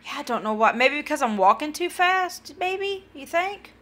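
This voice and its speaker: Bright-voiced tired woman live-streaming. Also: high-pitched, expressive, normal speed. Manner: rambling, talks to chat viewers by name. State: tired, yawning. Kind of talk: casual live-stream chat.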